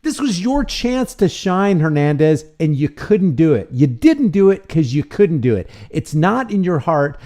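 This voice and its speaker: A man's voice: a little high, sing-song, a little slow, few pauses, warm tone. A man hosting a commentary channel, reacting to a video with indignant, sarcastic remarks and rhetorical questions.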